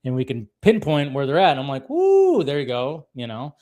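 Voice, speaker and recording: A man's voice: medium pitch, brisk, a little mellow, muffled recording. A man co-hosting a casual chat, recapping a cartoon episode, laughing often and acting out the characters' lines. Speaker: podcast co-host.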